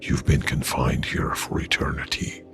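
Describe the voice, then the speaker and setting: A menacing hooded cult figure, as a male storyteller puts him on, speaks in a very deep, gravelly voice that drops to a whisper. The delivery stays flat and ominous. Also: unhurried, music in the background, full character voice.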